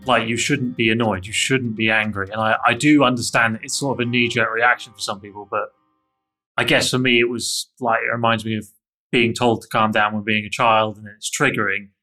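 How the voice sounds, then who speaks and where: A man's voice: lowish voice, steady tone, brisk, sharp tone, soft background music. A man telling a candid, self-critical personal story in an interview, with frequent restarts.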